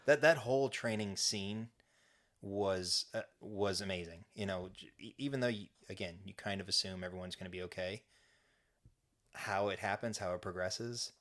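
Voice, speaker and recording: Deep-voiced man excitedly recapping scenes. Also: moderate pace. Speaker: podcast co-host. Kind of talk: casual chat.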